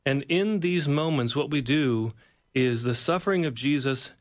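A man's voice: mid-range voice, moderate pace. A man, a pastor and author, speaking as an interview guest in an earnest, preacher-like way, building points through repeated phrases. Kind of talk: reflective devotional talk.

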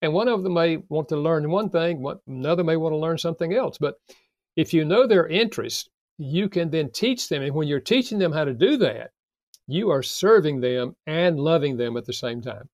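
Older guy, calm and measured, dry close mic, talking about raising kids. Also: on the high side, no echo. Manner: calm, measured, explains with examples. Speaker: author and guest. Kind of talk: interview, advice on parenting.

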